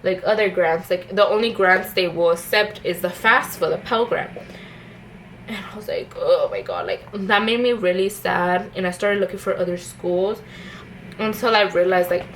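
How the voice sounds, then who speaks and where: A young woman talks to the camera at home in a loose, rambling get-ready-with-me chat, full of "like" and "you know." She restarts her sentences often, and her voice sits at an ordinary middle pitch. A faint hum of the room stays under her voice. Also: steady tone, normal speed, fairly bright tone, poor audio. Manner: chatty, rambling, with many fillers and restarts. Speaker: vlogger, stay-at-home mom. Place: at home, indoors.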